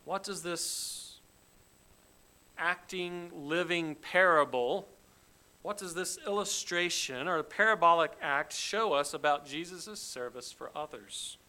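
A man's voice: a little high, slow pace, pushed and bright. A man preaching an expository sermon, emphatic and dramatic, acting out the quoted lines with rising force. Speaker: pastor.

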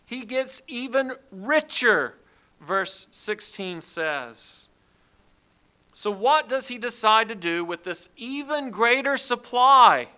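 Slow, bright-voiced male preacher. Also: sits high, poor audio. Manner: deliberate, emphatic expository preaching. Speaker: pastor. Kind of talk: sermon.

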